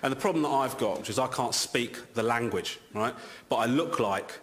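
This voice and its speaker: A man's voice: medium pitch, normal speed. Man ranting on an echoey stage. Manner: exasperated, building to loud rants. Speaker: stand-up comedian. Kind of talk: stand-up routine. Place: TV studio stage. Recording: echoey stage with loud ambience.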